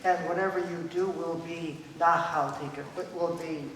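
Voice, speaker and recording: A man gives an emphatic conference lecture in a hall, repeating his key points and acting out the voices of people he quotes. His voice is a little high, steady and fairly bright, and he speaks unhurriedly. The hall is echoey, and his voice is picked up from a distance.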